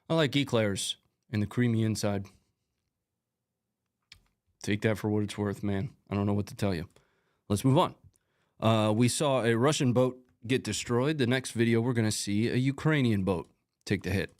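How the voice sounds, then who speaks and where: A middle-aged man hosts a live stream, walking viewers through footage in a relaxed, conversational way. His voice sits a little low, and he drifts easily into casual asides before getting back on track. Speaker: host. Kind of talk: live-stream commentary over combat footage.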